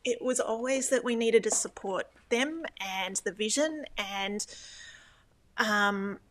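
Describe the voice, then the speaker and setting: A woman's voice: medium pitch, takes it slowly. A middle-aged woman, a former church elder, recalling her past in a reflective, hesitant way with many restarts. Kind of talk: interview.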